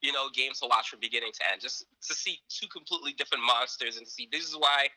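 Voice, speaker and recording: A man co-hosting a casual sports talk show, retelling a game in a rambling, animated way full of fillers. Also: medium pitch, fast talker, no echo, rough recording. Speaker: sports podcast co-host.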